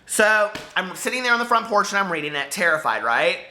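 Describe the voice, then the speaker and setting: A man hosting a casual book vlog from home, telling stories straight to his viewers. His voice is bright and forceful, and his pitch swings widely as he goes. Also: a little fast. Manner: animated storyteller, talks straight to viewers. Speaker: book vlogger.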